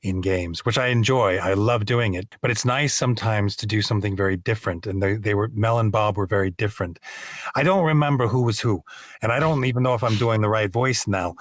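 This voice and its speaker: A middle-aged man, a voice actor, telling animated, self-deprecating stories in a casual interview. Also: lowish voice, brisk, no room sound, studio quality. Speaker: voice actor guest.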